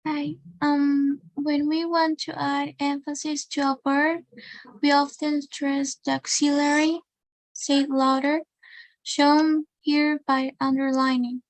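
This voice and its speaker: A woman's voice: high voice, flat delivery, slow, dry recording, rough recording. A woman student reading a grammar passage aloud in an online class. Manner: reads evenly from a text. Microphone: video call.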